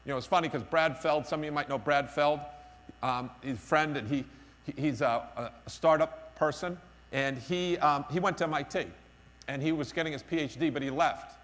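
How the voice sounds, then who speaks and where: A man's voice: fairly high pitch, moderate pace, a bit bright. A man giving a conference keynote speech, emphatic and self-deprecating, repeating his key phrases. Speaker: keynote speaker. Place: conference hall. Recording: long reverb of a conference hall.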